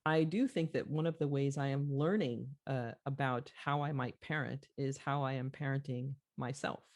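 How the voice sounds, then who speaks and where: Podcast host, mid pitch, earnest, reflective storytelling, frequent fillers. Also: fairly even intonation, normal speed.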